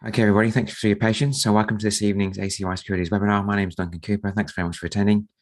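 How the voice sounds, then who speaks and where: A low-pitched man hosts a live trading webinar. His voice is croaky from a sore throat, and he talks softly on purpose to save it. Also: flat delivery, racing. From Australia. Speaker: market strategist and trading mentor.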